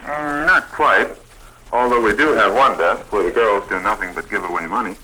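A man's voice: lowish voice, normal speed, pushed and bright, husky, low-quality recording. A man being interviewed about his club on a scripted 1940s radio broadcast, reading his prepared lines steadily and proudly. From United States. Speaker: Red Cross program director.

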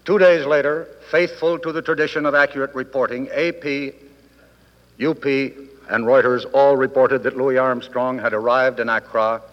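A man in his fifties delivers a formal speech with dry wit and deliberate pauses, his voice ringing through a big hotel ballroom. The old 1960s broadcast recording sounds dull, with a long hall echo trailing each phrase. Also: mid-range voice, steady tone. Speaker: guest speaker at a convention. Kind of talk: formal after-dinner speech.

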